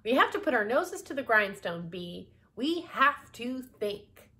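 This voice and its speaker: A woman reading aloud, voicing a brisk, bossy old lady who talks in firm, emphatic proverbs. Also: fairly high pitch, sing-song, sharp tone, exaggerated voice.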